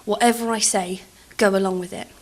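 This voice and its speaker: A woman puts on a scheming middle-aged uncle who keeps a straight face and plays it sad. His delivery is mock-solemn and deadpan, and the voice is fairly high in pitch. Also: a little fast, lightly acted.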